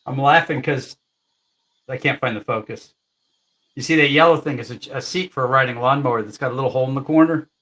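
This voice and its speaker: A man's voice: mid-range voice, brisk, fairly bright tone. A man chatting casually on a livestream, dropping dry joking asides. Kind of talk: casual chat. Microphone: livestream video call.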